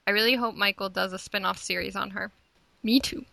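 A woman's voice: medium pitch, fairly even intonation, brisk, gravelly, pushed and bright, no room sound. A woman co-hosting a podcast and reading listener responses, playful and giggly. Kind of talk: casual chat.

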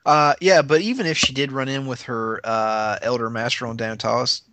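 A man's voice: medium pitch, steady tone, a little fast, bright, forceful tone, dry recording. A man co-hosting a podcast in casual chat, laughing often and reading listener responses aloud. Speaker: podcast co-host.

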